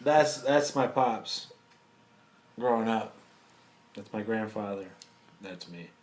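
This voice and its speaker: A man's voice: on the low side, lively intonation, slow. Blunt man swearing in an echoey room. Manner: blunt and profane. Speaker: podcast co-host. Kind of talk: casual chat.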